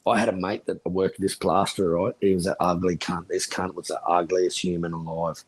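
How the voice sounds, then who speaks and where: A man's voice: low-pitched, little pitch movement, moderate pace, slightly rough, poor audio. A man telling crude, profane stories in casual chat, laughing into his punchlines. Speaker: stream chat guest.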